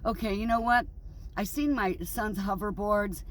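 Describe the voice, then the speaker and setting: A woman's voice: mid-range voice, steady tone, normal speed, slight background noise. A middle-aged woman in a casual vlog monologue, grieving and angry, rambling bluntly and swearing freely. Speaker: vlogger.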